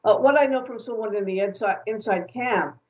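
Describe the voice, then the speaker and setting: A woman author being interviewed, telling stories in an animated, opinionated way. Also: medium pitch, brisk, dull audio. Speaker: author and guest.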